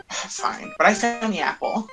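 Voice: mid-range voice, vocal fry, rough recording. A gamer chatting casually at home during a game session, teasing a friend and laughing often. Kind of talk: casual gaming chat.

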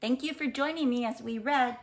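A woman reading a rhyming children's picture book aloud in a gentle, expressive storytelling manner. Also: fairly high pitch, a little fast.

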